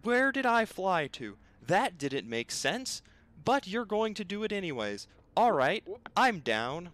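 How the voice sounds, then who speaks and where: A man's voice: high-pitched, sing-song, a little slow, fairly bright tone. A young man commentating his own gameplay, exasperated and bickering aloud with the game and himself. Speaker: gaming video host.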